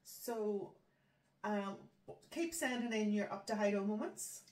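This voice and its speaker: Northern Irish woman co-host, mid-pitched, casual and self-deprecating, echoey distant recording. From Northern Ireland. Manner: chatty, self-mocking, quick to laugh. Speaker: podcast co-host. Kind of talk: casual chat. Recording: echoey room, distant mic.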